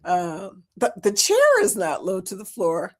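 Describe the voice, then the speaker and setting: A woman's voice: mid-range voice, measured pace. A middle-aged woman hosting a casual livestream chat, reading viewer comments and telling stories with frequent laughter. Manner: chatty, laughs often, animated storytelling. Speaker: host of a cruise chat livestream.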